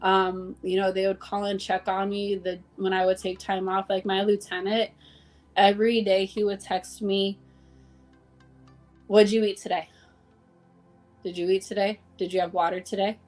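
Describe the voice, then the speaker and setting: A woman guest talking openly in a relaxed conversation. She is heartfelt, acting out what others said as she tells her stories and leaning on "like" as a filler. Her pitch sits in the middle of the range, with faint music playing behind her. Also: moderate pace, long pauses. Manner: heartfelt storytelling, acting out dialogue, many "like" fillers. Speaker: interview guest. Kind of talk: casual conversation.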